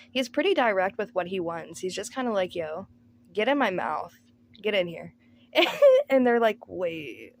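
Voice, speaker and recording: A woman's voice: mid-range voice, a little hiss or hum. A woman recapping a movie in casual commentary, sarcastic and profane, with "like" in nearly every sentence. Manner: sarcastic, profane, says "like" constantly. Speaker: movie reviewer.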